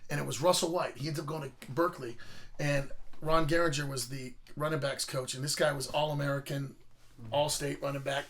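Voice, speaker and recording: Man, middle-aged, gravelly voice, a bit high, rambling profane storyteller. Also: fairly even intonation, brisk, fairly bright tone. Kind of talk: casual storytelling.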